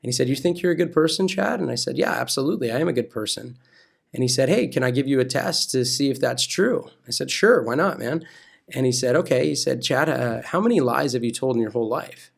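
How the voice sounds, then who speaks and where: A man with an American accent tells his faith story as a podcast guest. His voice is gravelly and sits at an ordinary pitch. He acts out both sides of each conversation, then slips into a steady preaching tone. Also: a little fast. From California. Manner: animated storytelling that acts out quoted dialogue. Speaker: pastor and wrestling coach, guest. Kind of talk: telling a personal faith story.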